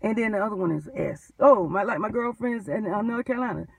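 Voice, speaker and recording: A woman, a postal mail handler, telling her story in an animated, emphatic vlog rant. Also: mid-range voice, fast talker, gravelly, recorded from a distance, a little hiss or hum, poor audio.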